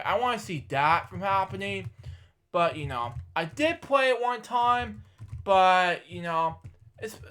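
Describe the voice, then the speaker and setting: A man's voice: high-pitched, a bit bright. A man in his twenties, hosting a reaction video, rambling in casual commentary and muttering to himself while he searches. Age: 20s.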